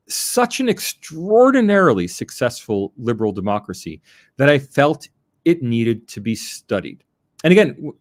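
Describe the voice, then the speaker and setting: Male scholar being interviewed; deliberate, stresses key words, animated pitch. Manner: measured, emphatic, with restarts and stretched words. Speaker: academic guest. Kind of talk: interview answer, lecturing.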